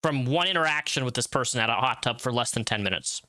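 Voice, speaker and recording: A man hosting a casual interview, incredulous and animated, often laughing as he questions his guest. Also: mid-range voice, quick pace. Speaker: interviewer, channel host.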